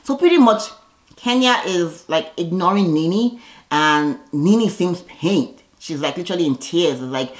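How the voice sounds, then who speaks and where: A woman with a slightly low voice talking through a reality show episode in a loose recap. She is blunt and sassy, throwing out sharp opinions on the cast in an animated way. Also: a little slow. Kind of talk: casual recap commentary.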